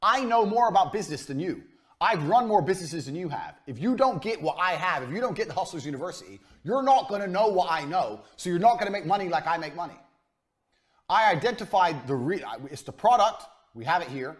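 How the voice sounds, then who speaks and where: Male business lecturer, crude and blunt, pitch swinging up and down, drives each point home by repeating it. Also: lively intonation, brisk. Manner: blunt, profane, hammering repetition. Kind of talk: business lecture to a live audience. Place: university lecture room.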